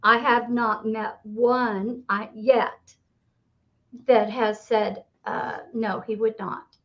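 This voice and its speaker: Slow-talking older woman hosting, lo-fi sound. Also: on the high side, little pitch movement. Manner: earnest, heartfelt. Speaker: host. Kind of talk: casual interview chat. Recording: dull lo-fi recording.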